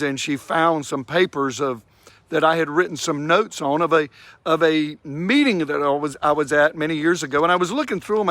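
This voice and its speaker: A middle-aged man with a slightly raised pitch delivers a brief devotional in a close, dry recording. He takes his time and draws out the words he wants to land. His tone is gentle and conversational. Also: no room sound. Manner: warm, unhurried, stretches key phrases for emphasis. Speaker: devotional speaker. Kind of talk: short devotional talk.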